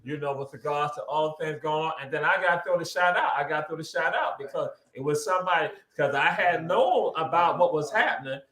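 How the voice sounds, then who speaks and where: Man, Southern US accent, talk show host, animated storyteller, high-pitched, roomy echo. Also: a little fast, hardly any pauses. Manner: animated storytelling, repeats phrases. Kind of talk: lively casual chat.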